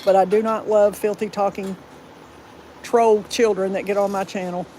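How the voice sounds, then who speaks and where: A woman's voice: mid-range voice, darkish tone, slight background noise, poor audio. A woman with a Southern US accent hosting a casual livestream, chatty and rambling but firm about rude viewers. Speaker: livestream host. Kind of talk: casual live chat.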